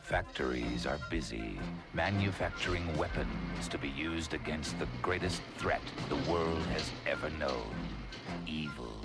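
An ominous cartoon narrator speaks in an extremely deep, gravelly tone. The delivery is slow, grave and dramatic, in the manner of 1980s cartoon narration. Loud music plays under the voice. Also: male voice, animated, heavily acted.

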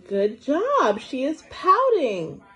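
A young woman teacher reading a storybook aloud to small children, slow and encouraging, asking them questions as she goes. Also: high-pitched, huge pitch swings, fairly bright tone, poor audio. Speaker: preschool teacher.

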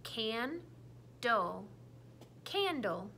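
A woman teacher leading a phonics lesson for children, saying each word clearly and repeating it for the class to echo. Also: a little high, sing-song, sharp tone, a little hiss or hum. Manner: slow, clearly enunciated, repeats words for kids to echo.

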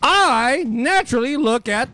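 A middle-aged man, a radio DJ, telling a story in casual chat, animated and profane, acting out the people he quotes. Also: very high voice, a little slow. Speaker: radio DJ guest.

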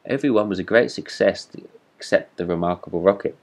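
Deep-voiced man reading a story aloud. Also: a little fast. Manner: steady read-aloud narration.

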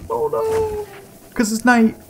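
A man giving casual gameplay commentary, excitable and slangy, swearing and yelping as he plays. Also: extremely high pitch, takes it slowly, slight background noise. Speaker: let's play gamer.

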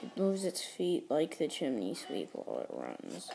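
Lively, mellow-voiced woman explaining a game. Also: a bass voice, measured pace, creaky, soft background music. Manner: rambling, self-correcting, explains step by step. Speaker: gameplay tutorial host. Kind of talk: casual game commentary.

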